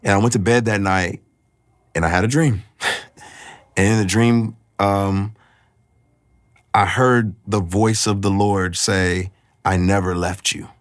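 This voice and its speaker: A man telling his personal faith testimony in a reflective, halting, emotional way. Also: fairly low pitch, fairly even intonation, dry recording, clean studio sound. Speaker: guest sharing his testimony.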